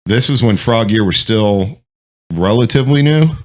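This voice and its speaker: Man, veteran, low voice, lively pitch, casual, swears a lot, rambling stories. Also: moderate pace. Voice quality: swears freely, rambling anecdotes. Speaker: military veteran. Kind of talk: casual storytelling chat.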